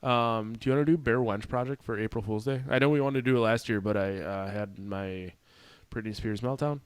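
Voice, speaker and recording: A man's voice: lowish voice, a little fast, smooth, no room sound. A man hosting a podcast in casual chat, rambling and swearing loosely as he wraps up the show. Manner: loose, profane, rambling asides. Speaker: podcast host.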